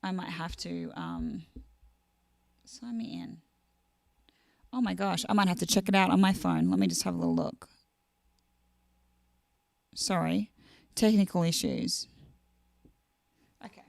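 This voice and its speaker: A woman's voice: lowish voice, huge pitch swings, a little slow, vocal fry, pauses often, no room sound. Woman chatting on her live stream. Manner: chatty and warm-hearted, reading out viewer comments. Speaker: singer-songwriter hosting a live stream. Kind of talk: casual live-stream chat.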